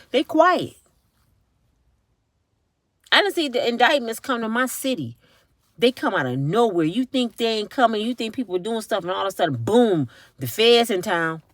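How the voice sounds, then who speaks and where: A woman's voice: on the high side, no echo. A middle-aged woman talking straight to her viewers in a casual vlog, emphatic and tired, from a parked car. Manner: emphatic, talks directly to viewers. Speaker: vlogger.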